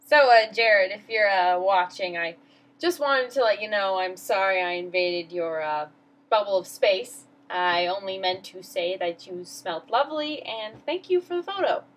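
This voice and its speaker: A woman's voice: mid-range voice, expressive, moderate pace, a bit bright, poor audio. A teenage girl vlogging, telling a story in a rambling, flustered, self-mocking way. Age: teens. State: emotional. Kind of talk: casual storytelling vlog.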